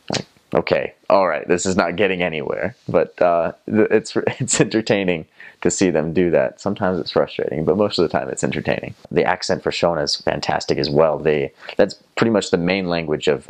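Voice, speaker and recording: Young southern guy from north carolina, real low voice, rambly and full of uhs, just chatting casually. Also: vocal fry. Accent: Southern American. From North Carolina, USA. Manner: rambling, many fillers and restarts. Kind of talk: casual storytelling.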